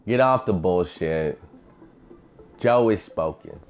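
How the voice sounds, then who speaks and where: A man's voice: sits low, expressive, takes it slowly. A man hosting a podcast, telling profane stories in a rambling, casual monologue. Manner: profane, rambling storyteller, acts out voices. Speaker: podcast host.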